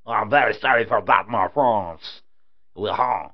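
Fired up guy ranting on his podcast, low voice, swears a lot, muffled lo-fi sound. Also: slow. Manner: heated, profane, ranting. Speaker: podcast host. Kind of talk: casual podcast rant. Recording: dull lo-fi audio.

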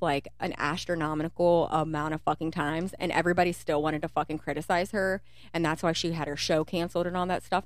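Low-voiced young woman swearing her way thru stories, dry close sound. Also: no room sound. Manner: profane, blunt storytelling. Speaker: podcast co-host. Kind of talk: casual chat.

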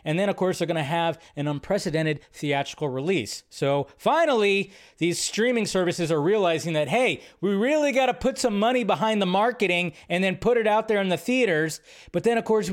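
A man hosts a casual live show about movie news, talking from his home computer setup. His voice sits a little high for a man. He rambles in a chatty way and thinks aloud with plenty of fillers. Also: fairly quick. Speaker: host.

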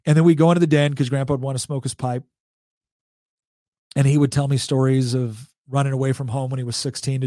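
A man's voice: medium pitch, warm tone, no echo. Chatty man in his forties, dry sound. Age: 40s. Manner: chatty, laughs often, restarts sentences. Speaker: podcast guest. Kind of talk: casual storytelling.

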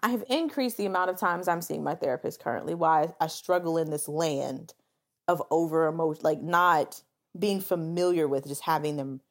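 Co-hosting a podcast, a woman with a low-sitting voice chats casually at a moderate pace, opening up about her feelings in an animated, confessional way. She peppers her speech with "like" and acts out what other people said.

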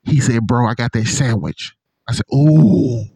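A man in casual chat with a friend, an animated, profane storyteller who acts out what others said. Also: medium pitch, moderate pace, no room sound. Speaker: podcast co-host.

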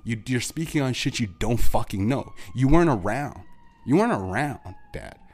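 A man's voice: medium pitch, lively intonation, normal speed. Furious, cursing man ranting. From Canada. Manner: heated, profane, repetitive, stumbling restarts. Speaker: podcast host. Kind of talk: angry solo rant to an absent parent.

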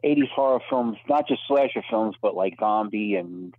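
Male event organizer, halting and restarting, on a tinny phone line. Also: fairly low pitch, lively intonation, no echo. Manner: halting, many restarts and fillers. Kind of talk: casual podcast chat.

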